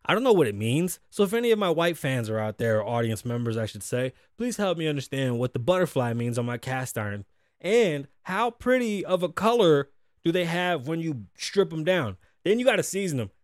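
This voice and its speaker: A man with a high-pitched voice hosts a casual studio talk show, recorded close and dry with almost no room sound. He rants loosely and swears often. He acts out other people's lines in sudden loud bursts. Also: big pitch swings, a little fast, dry recording. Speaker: podcast host.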